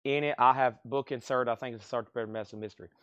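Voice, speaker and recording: Fast-talking record auctioneer, dry sound. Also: male voice, mid-range voice, steady tone, a bit bright, smooth, no room sound, dull audio. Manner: quick, running commentary on records, grades and bids. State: occasional coughing from allergies. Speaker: auctioneer selling vinyl records on a livestream. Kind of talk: fast live-sale patter.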